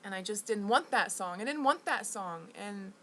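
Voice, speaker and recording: A woman's voice: medium pitch, animated, a bit bright, a little hiss or hum, rough recording. A woman rambles through a personal story in a vlog. Her voice sits in an ordinary middle range, and she stops and restarts often. The delivery is indignant and restless throughout. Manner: halting and restless, with many restarts and fillers. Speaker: vlogger.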